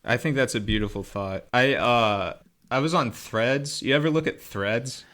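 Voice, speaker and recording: Wry bright-toned man. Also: mid-range voice, moderate pace. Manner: wry, deadpan, hesitant. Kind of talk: casual chat.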